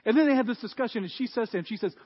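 A man preaches to his congregation, his voice sitting high for a man. He slips into lively storytelling as he retells scenes. The sound is dull and carries a long church-hall reverb. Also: rapid-fire. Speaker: pastor. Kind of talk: sermon.

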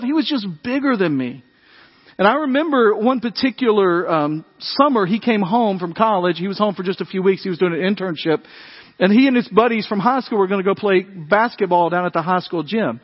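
A man preaching a sermon, telling animated family stories in a conversational way and acting out the voices. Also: high-pitched, fairly quick, long reverb tail, muffled recording. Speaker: pastor. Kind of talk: sermon storytelling.

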